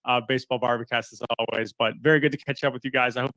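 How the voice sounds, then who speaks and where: A man talking baseball as a guest on a sports radio show, animated and often restarting his words, calling in by phone. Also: medium pitch, racing, dry recording. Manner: animated, repeats words when starting thoughts. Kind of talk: casual sports radio chat. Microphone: phone line call-in.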